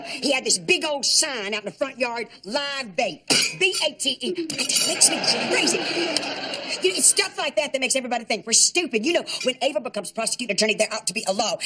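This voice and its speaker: An actress playing a chatty, gossipy aunt who rambles through anecdotes and fusses over pronunciation, in a sitcom. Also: female voice, a little high, background noise, close to an everyday voice. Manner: rapid rambling anecdotes with a drawl. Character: chatty gossipy older Southern aunt, fussy about pronunciation.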